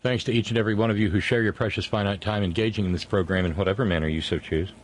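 A middle-aged man hosting a talk show in a fairly low voice. He talks earnestly, stumbling and restarting as he gathers his thoughts, and signs off with long rounds of thanks. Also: fairly even intonation, a little hiss or hum. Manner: earnest, halting with many restarts. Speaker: radio show host. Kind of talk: casual on-air chat and sign-off.

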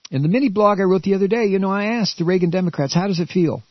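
A male radio talk host giving an angry political rant, stammering and repeating himself, with shouted outbursts. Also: high voice, racing, no room sound, dull audio.

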